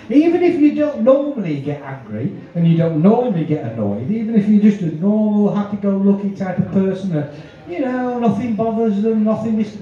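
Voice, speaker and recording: A man running a live hypnosis show, his voice a touch high yet dark in tone. He coaxes people with long, drawn-out commands and ribs them with foul-mouthed banter. The recording is muffled and picked up from a distance in a very reverberant space. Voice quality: profane, teasing banter. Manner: drawn-out soothing commands between brash jokes. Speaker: stage hypnotist. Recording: dull, echoey live recording from afar.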